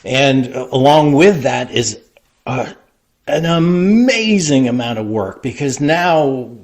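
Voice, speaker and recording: A middle-aged man, a guest in an interview, telling long stories in a loose, animated way full of fillers. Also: mid-range voice, takes it slowly. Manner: rambling, animated anecdote telling with many fillers. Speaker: interview guest, wrestling creative. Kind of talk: casual storytelling interview.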